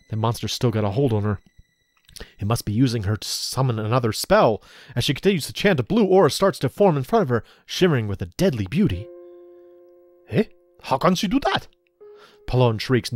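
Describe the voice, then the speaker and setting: Animated man reading a game story aloud. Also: mid-range voice, fairly quick, no room sound, soft background music. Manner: animated, playful, laughing asides. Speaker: let's play host.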